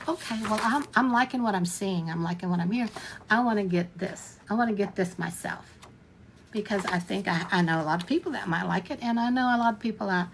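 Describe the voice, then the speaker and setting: Earnest woman explaining a sales pitch. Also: creaky, slight background noise. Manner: repetitive, checks listener understands with questions. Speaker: online business vlogger. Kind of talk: casual explainer to camera.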